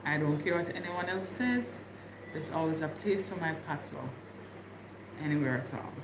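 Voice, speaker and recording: A woman's voice: sits low, moderate pace, reverberant, noisy background. A woman from Jamaica with a Jamaican accent, chatting casually with viewers on her livestream and laughing often. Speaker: livestream host.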